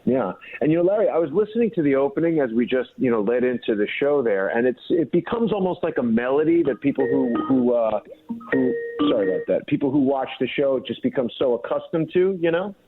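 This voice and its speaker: A man's voice: mid-range voice, lively intonation, brisk, over music. A man joining a political radio talk show as guest co-host, speaking in a loose, conversational way. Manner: conversational, loose, with "you know" fillers and restarts. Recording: tinny phone line.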